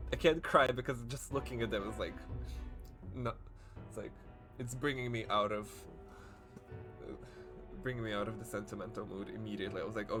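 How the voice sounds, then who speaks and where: A male streamer talks through a game in a loose, rambling way, full of fillers and swearing. He sounds choked up and close to tears. Game music plays loudly under his voice. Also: fairly low pitch. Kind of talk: live gameplay commentary.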